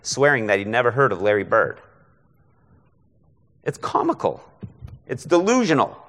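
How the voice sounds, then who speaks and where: A man's voice: mid-range voice, huge pitch swings, normal speed, a bit bright, long reverb tail. A man preaching a conversational expository sermon as a guest preacher, often checking in with listeners by asking "right?". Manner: conversational, frequent rhetorical "right?".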